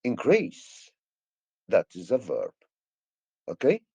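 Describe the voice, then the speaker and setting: A man's voice: lowish voice, big pitch swings, moderate pace, mellow, no echo, muffled recording. A male English teacher with an Egyptian accent, a native Arabic speaker, explaining grammar hesitantly with many fillers and restarts.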